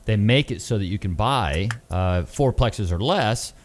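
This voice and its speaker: A man's voice: on the low side, lively intonation, unhurried, a little hiss or hum. A man hosting a podcast, chatty and joking along while giving advice. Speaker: podcast host. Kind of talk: casual interview talk.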